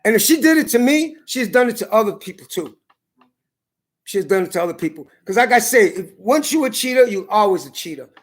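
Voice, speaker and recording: A man's voice: high-pitched, expressive, a little fast. A man ranting defiantly on video, hammering his points with emphatic repetition. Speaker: vlogger. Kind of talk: angry video rant.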